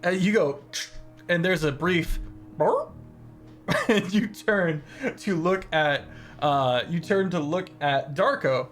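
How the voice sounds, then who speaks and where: Game master, tabletop narration, relaxed, laughing asides, mid-pitched voice. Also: slow, soft background music.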